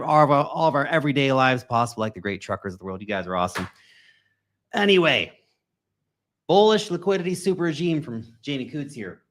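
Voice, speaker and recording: Male crypto streamer, energetic casual chatter, slangy, mid-pitched voice. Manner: energetic, slangy, chatty, swings loud and soft. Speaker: crypto YouTube host. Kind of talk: casual livestream commentary.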